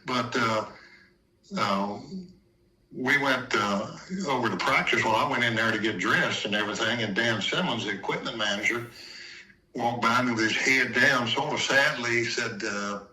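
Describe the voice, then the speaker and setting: Recorded at a distance in an echoey room, a retired football player in his later years tells homespun stories during an interview and replays past talks in quoted dialogue. He speaks at an ordinary speed in a medium-pitched voice that sounds pushed and bright.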